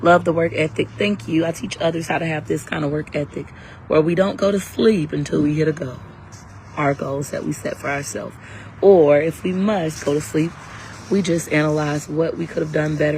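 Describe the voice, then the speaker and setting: A woman's voice: low voice, fairly even intonation, normal speed, darkish tone, a little hiss or hum, poor audio. A woman selling her class live on her phone outdoors, brash and hyped, talking in slang while a little under the weather. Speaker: live-stream seller and coach. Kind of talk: casual livestream sales talk.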